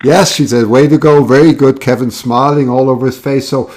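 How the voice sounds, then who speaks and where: A man's voice: mid-range voice, steady tone, fairly quick, a crowd in the background. A man hosting a live call-in show, chatting casually and rambling, with lots of fillers and restarts.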